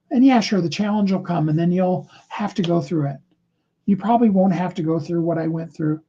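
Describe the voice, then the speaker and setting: A man's voice: high-pitched, warm tone, husky, highs cut off. A man giving a motivational livestream talk, speaking earnestly and encouragingly to his viewers. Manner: earnest, encouraging, acts out short sample dialogues.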